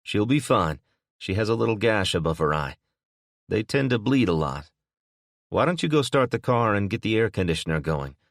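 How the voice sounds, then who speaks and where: A man's voice: lowish voice, very animated, normal speed, dry recording, studio quality, pitched above the performer's own voice. A man voicing a protective single father giving urgent, commanding instructions in a crisis.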